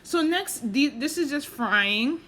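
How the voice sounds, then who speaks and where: A woman narrates her home cooking clip in an easy, rambling way, poking fun at her own skills. Her voice sits a little high. A faint hiss of noise hangs under her words. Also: expressive, slow pace, fairly bright tone. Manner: chatty, self-deprecating, lots of fillers. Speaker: cooking vlogger. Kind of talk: casual voice-over cooking tutorial.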